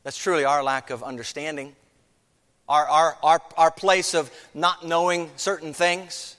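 High-voiced preaching man in a reverberant hall. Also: fairly even intonation, measured pace, fairly bright tone. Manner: earnest preaching with many rhetorical questions. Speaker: pastor. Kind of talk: sermon.

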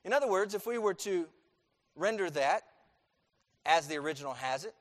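A middle-aged male pastor preaching a sermon in a church, emphatic, repeating key phrases and swinging between loud and quiet. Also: high voice, animated, normal speed. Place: church sanctuary. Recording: long hall reverb.

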